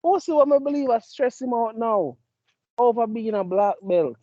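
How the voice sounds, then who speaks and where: A man's voice: very high voice, expressive, moderate pace, mellow, no room sound, highs cut off. A man in his thirties co-hosting a podcast, telling stories in casual slang-heavy chat. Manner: laid-back, slang-heavy storytelling. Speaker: podcast co-host.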